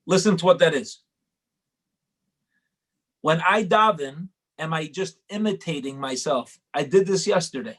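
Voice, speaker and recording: Guy giving a torah lesson, chatty, repeats stuff for emphasis, slightly high voice. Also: animated, moderate pace, fairly bright tone. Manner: conversational, repetitive for emphasis. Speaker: Torah class teacher.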